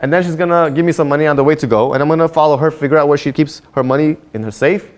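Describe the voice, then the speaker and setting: A man's voice: fairly high pitch, fairly even intonation, very fast, voice pushed up, lightly acted. A man voicing a greedy, gullible burglar who talks through his schemes, in a storytelling sermon. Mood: scheming. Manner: scheming, eager.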